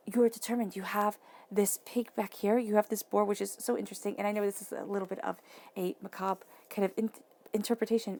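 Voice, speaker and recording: Gushing woman tarot reader, gravelly voice. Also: mid-range voice. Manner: breathy, drops into soft whispers for emphasis; enthusiastic and gushing. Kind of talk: intuitive tarot reading to camera.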